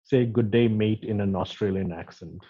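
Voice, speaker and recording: A man hosting a casual interview, reading off quick questions and hesitating often between phrases. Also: fairly low pitch, mellow, highs cut off. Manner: hesitant, many fillers and restarts. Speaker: interview host.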